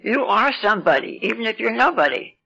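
Gravelly elderly woman telling her story. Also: on the high side, very animated, brisk, bright, forceful tone. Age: 80s. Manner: rambling, self-mocking storyteller with wry asides. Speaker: recovery meeting speaker. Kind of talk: personal recovery story talk. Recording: lo-fi 1990s meeting tape.

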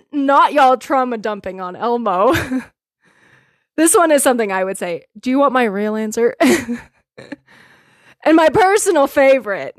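A woman with a fairly high voice hosts her solo podcast, chatting casually. She is blunt and opinionated, swears freely and laughs a lot. The recording is close and dry with no room sound. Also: big pitch swings, takes it slowly, pauses often, dry recording. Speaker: podcast host.

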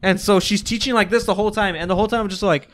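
A man's voice: high voice, steady tone, rapid-fire, a little hiss or hum. A young man co-hosting a podcast in casual chat, laughing often and reading chat comments aloud. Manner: laughing, reads chat aloud, gets talked over. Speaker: podcast co-host.

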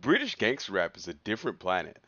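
Wildly animated male co-host, dull lo-fi sound. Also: deep voice, fast, dry recording. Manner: animated, laughs often, riffs excitedly. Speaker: podcast co-host. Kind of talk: casual chat. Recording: dull lo-fi dry recording.

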